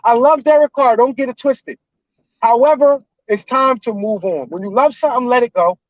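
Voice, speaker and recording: A man in his forties calling in to a live show, ranting loudly and emotionally with heavy cursing. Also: very high voice, normal speed, no echo, lo-fi sound. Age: 40s. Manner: loud, emotional and profane. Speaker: caller. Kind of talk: heated fan rant on a live call-in show.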